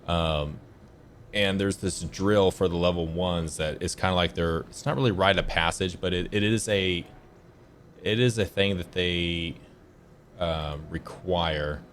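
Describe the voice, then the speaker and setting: Male streamer, deep voice, laid-back rambling gameplay commentary with a few swears. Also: slight background noise. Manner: rambling, self-correcting storyteller. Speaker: gaming streamer.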